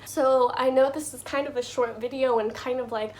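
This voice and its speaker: A woman's voice: fairly high pitch, fairly quick, hardly any pauses, a little mellow, a little hiss or hum. A young woman giving casual life advice to her viewers, chatty and full of "like" and "you know".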